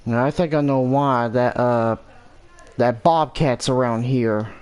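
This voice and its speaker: Male gamer, mid pitch, casual play-by-play, mutters his thoughts aloud. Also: slow, darkish tone, clear, resonant tone. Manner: thinking aloud, muttering to himself. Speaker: gameplay commentator. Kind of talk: casual gameplay commentary.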